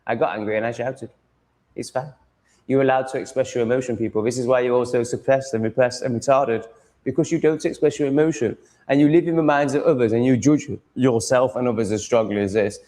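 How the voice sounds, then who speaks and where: A man's voice: medium pitch, brisk, mellow. Profane ranting English man livestreaming. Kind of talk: casual livestream chat. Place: home room with cats.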